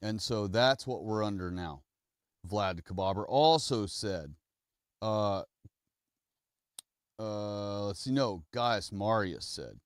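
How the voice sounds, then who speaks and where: A man's voice: lowish voice, animated, takes it slowly, no room sound, studio quality. A man streaming, talking in a casual, rambling monologue that often corrects itself mid-sentence. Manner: rambling, self-correcting storyteller.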